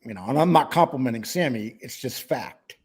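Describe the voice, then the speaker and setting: A man's voice: mid-range voice, lively intonation, brisk, darkish tone, husky. A man hosting a casual livestream podcast, blunt and matter-of-fact, reading out viewer chat.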